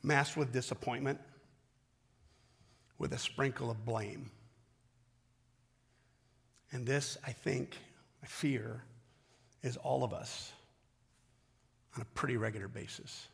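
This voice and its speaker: A middle-aged man preaching a sermon as pastor, talking conversationally, shifting from loud calls to hushed reflection. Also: medium pitch, fairly even intonation, slow pace, vocal fry, long pauses, slightly rough.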